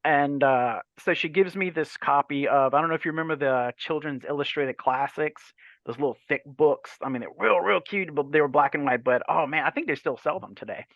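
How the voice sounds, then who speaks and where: A man's voice: fairly high pitch, brisk, no echo, muffled recording. A man in his forties from Louisiana, a guest author telling stories in a casual podcast chat, acting out the voices in his anecdotes and swearing freely. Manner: animated anecdotal storytelling with voiced quotes and swearing.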